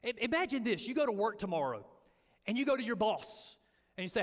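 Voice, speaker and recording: Male pastor, high voice, lively storyteller, long reverb from a big echoey hall. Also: brisk. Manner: animated storytelling, acting out quotes. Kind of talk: sermon.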